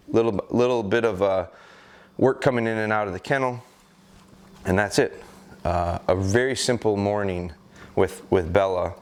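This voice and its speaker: Calm low-voiced American dog trainer. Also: male voice, unhurried, long pauses, slight background noise. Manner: calm and explanatory, with hesitant fillers. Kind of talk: instructional talk during a training session.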